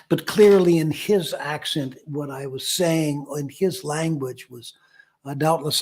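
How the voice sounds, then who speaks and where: A man's voice: on the high side, a little slow. An older man hosting his own show, chatting casually to the camera in a rambling, self-deprecating way with many fillers. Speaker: host. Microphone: camera mic.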